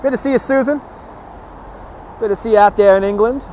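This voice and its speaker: A man's voice: sits high, a little fast, darkish tone. Chatty man livestreaming on a city street. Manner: upbeat, chuckles often, greets chat by name. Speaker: livestream host. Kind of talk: live walking stream, chatting with viewers. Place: outdoors on a city waterfront street. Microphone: phone on a handheld gimbal. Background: faint city traffic.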